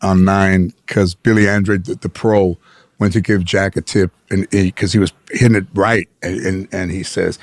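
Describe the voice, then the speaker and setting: A man telling casual stories as a guest, animated and acting out the people he quotes. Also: deep voice, normal speed, gravelly, no room sound. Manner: animated, acts out quotes with shouty impressions. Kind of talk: casual storytelling.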